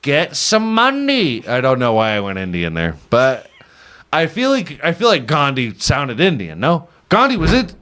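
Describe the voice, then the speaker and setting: A man's voice: medium pitch, wildly swooping pitch, normal speed, a bit bright. A man hosting a podcast, riffing casually and irreverently on news stories, swearing often and laughing at his own jokes. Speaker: podcast host.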